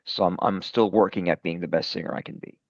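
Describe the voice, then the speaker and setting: A middle-aged man with a low, gravelly voice talks about his singing career in a loose, rambling way, often putting himself down. The sound is dull and lo-fi, with no room echo. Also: fairly even intonation, quick pace. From Brooklyn, New York. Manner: rambling, self-deprecating, many fillers. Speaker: rock singer, guest. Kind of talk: casual interview chat.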